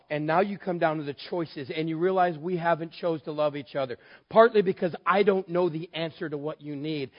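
A middle-aged man from West Texas, a pastor preaching and telling a story with animated acting out of both sides. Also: fairly high pitch, highs cut off. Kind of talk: sermon.

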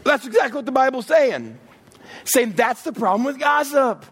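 A man preaching a sermon, joking and acting out quick bits of everyday talk. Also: extremely high pitch, slightly rough. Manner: animated, joking, acts out little voices. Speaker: pastor.

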